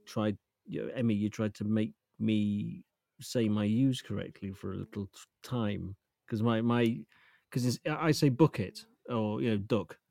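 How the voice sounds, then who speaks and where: A man's voice: fairly low pitch, gravelly, darkish tone, no room sound, clean studio sound. A man with a Lincolnshire accent hosting a casual chat, easygoing and hesitant. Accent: Lincolnshire English. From Lincoln, England. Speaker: host.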